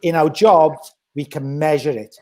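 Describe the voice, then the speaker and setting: A man's voice: on the high side, measured pace. A man talking bluntly and energetically in a casual podcast chat. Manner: blunt, animated, acts out quoted voices.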